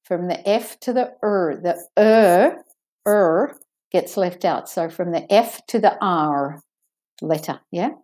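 A woman giving a pronunciation lesson at an unhurried pace. Her voice is mellow and fairly low. She repeats example words slowly and clearly, with patient explanation between them. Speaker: English pronunciation teacher.

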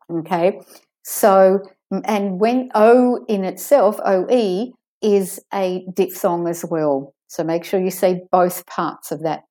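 A woman leads an audio pronunciation lesson at a deliberately slow pace. Her voice is mellow and soft-edged. She says each word carefully and pauses so listeners can repeat after her. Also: mid-range voice. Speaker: pronunciation teacher.

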